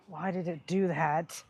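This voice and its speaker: Slow, sighing gig driver vlogging. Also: medium pitch, fairly even intonation, creaky, slightly rough. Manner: exasperated, sighing, muttering at a glitching phone. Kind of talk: casual vlog talking to viewers.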